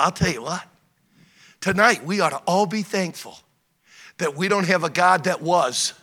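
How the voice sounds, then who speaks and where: Fervent high-voiced preacher man. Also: gravelly. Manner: fervent preaching, swinging between loud emphasis and hushed prayer. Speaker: pastor. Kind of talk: sermon with prayer. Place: church service.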